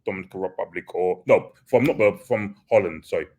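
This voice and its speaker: A man's voice: low-pitched, brisk, darkish tone, husky. A man hosting a podcast, chatting casually and hesitantly, often restarting his sentences and chuckling. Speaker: podcast host. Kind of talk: casual chat.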